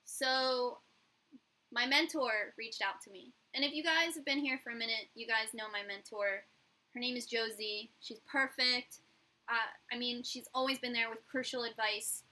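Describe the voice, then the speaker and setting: A woman's voice: a little high, normal speed, sharp tone, poor audio. A young woman, a YouTuber and hairstylist, telling a candid, profane story in a casual vlog and acting out the dialogue.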